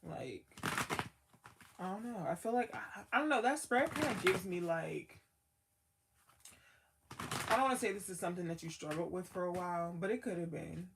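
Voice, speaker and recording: A woman's voice: lowish voice, lively intonation, moderate pace, gravelly, pauses often, background noise. A woman giving a casual tarot card reading as the reader, talking in a loose, slangy way full of "like" and trailing thoughts.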